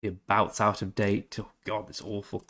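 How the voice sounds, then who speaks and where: A man's voice: on the low side, level tone, a bit bright. A man streaming a game, chatting casually with viewers, reading out their messages and stumbling through German phrases. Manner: chatty, reads out and answers viewer chat, halting German attempts. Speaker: gaming streamer. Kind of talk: casual live-stream chat.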